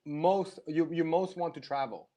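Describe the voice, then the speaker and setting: A man's voice: a little high, measured pace, dark tone, muffled recording. A man interviewing a friend, asking questions in a friendly, casual way.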